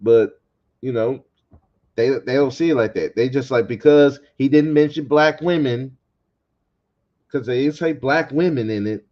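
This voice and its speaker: A man on a panel, talking in a relaxed, agreeable way. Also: mid-range voice, a little slow, long pauses, highs cut off.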